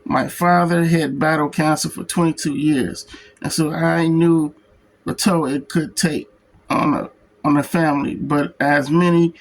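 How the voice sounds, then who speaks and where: A man's voice: fairly high pitch, low-quality recording. A man reviewing a comic book who reads its printed text aloud, stumbling and restarting on words. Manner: slow, halting reading that stumbles and restarts on words. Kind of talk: reading a book's text aloud.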